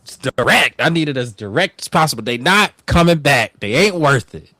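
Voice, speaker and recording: Uomo vivace con opinioni schiette. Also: male voice, on the high side, expressive, normal speed, sharp tone, no echo. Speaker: podcast co-host. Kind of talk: casual podcast chat.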